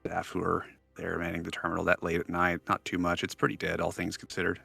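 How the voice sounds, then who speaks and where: Deep gravelly man running a game. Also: completely flat delivery, fast, bright, forceful tone, soft background music. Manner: describes scenes with many fillers and restarts. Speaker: game master. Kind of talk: narrating a tabletop game.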